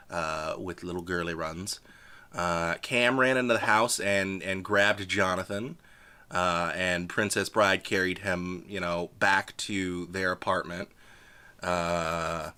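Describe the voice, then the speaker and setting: A man's voice: low-pitched, pushed and bright. Rambling, profane man recapping a game. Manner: rambling, profane, filler-heavy. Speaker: tabletop game player recapping. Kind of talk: casual recap of a vampire campaign.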